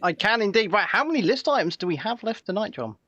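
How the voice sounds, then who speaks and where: A man co-hosting a casual live show, telling stories in an animated way and often repeating words as he goes. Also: high-pitched, fast talker, no room sound, highs cut off. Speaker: co-host. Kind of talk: casual live-stream chat.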